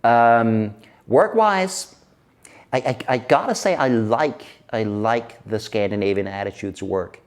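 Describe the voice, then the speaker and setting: A middle-aged man from Denmark, a guest in an interview who tells stories in a lively way and laughs often. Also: fairly low pitch, measured pace. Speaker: guest expert on workplace happiness. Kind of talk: casual interview chat.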